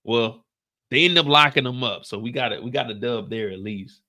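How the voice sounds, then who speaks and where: A man recapping a TV finale in casual commentary, acting out the characters in high and low voices. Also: normal speed, sharp tone. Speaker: show reviewer.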